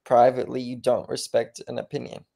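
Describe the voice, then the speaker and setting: A man's voice: medium pitch, monotone, brisk, creaky, mellow. A man in a casual talk asking questions hesitantly, restarting and apologizing as he goes.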